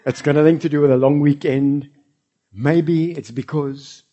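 A South African pastor preaching a lively sermon to his church, now and then dropping into Afrikaans. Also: medium pitch, highs cut off. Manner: animated, switching into Afrikaans.

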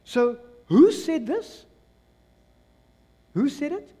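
Animated South African preacher in a reverberant hall. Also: male voice, extremely high pitch, extremely slow. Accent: South African English. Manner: animated preaching, acting out voices of crowds and doubters. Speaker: pastor. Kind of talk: sermon. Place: church hall.

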